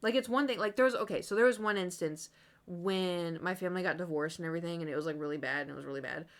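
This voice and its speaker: A woman's voice: fairly low pitch, fast. A young woman streamer from the United States chatting casually, telling a long rambling story with many asides to her chat.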